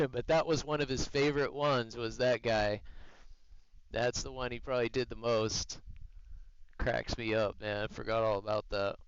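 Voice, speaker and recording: A man's voice: mid-range voice, fairly even intonation, normal speed, clean tone, no room sound, muffled recording. A man hosting a livestream, chatting in a laid-back, rambling way from home. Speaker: livestream host. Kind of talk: casual livestream chat.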